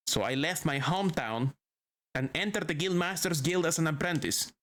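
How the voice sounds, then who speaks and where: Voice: medium pitch, normal speed, fairly bright tone. A streamer chatting playfully while reading game text aloud during a livestream. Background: game music.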